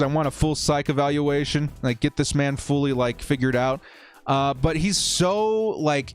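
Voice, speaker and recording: A man hosting a casual football live-stream, reading viewer comments and giving animated, fired-up opinions. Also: medium pitch.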